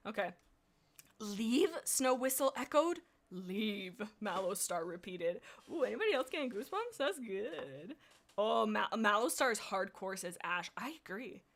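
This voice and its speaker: Brief: young woman streamer, chatty and giggly, reading fan stories with excitable commentary. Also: on the high side. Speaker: livestream host.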